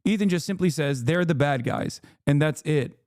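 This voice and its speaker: A man's voice: on the high side, moderate pace, a little mellow, no echo, studio quality. A man hosting a livestream, losing his voice, giving heated, profane and exasperated reaction commentary into a desk mic. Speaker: livestream host.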